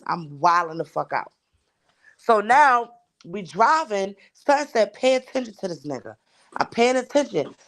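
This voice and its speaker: A woman co-hosting a casual chat show, telling a story at length with heavy swearing and acting out the dialogue. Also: mid-range voice. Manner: profane and emphatic, acts out quoted dialogue. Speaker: podcast co-host.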